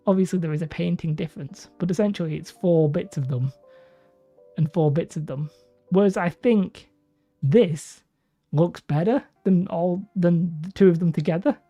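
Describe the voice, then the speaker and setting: This hobby livestream host has a fairly low, dark-toned voice and talks at a normal pace. She reads viewer comments and chats casually, wandering off on tangents between laughs, over dull lo-fi sound with faint music.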